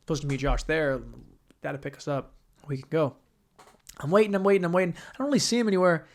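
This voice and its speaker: A man's voice: a little high, fairly even intonation, fast talker. A young man hosting a podcast, telling a rambling, profane story on his own and acting out the quoted voices. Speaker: podcast host. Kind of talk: casual solo storytelling.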